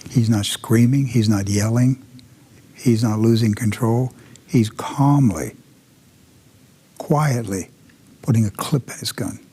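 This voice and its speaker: A man's voice: medium pitch, takes it slowly, long pauses, dark tone, slightly rough. A man hosting a commentary show, telling a dramatic story with emphatic repetition and sudden drops into intense whispers.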